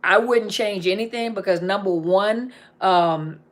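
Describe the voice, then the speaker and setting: A woman's voice: mid-range voice, a little slow. A middle-aged woman counselor on a casual live stream, reading viewer comments aloud and answering them, often repeating key phrases for emphasis.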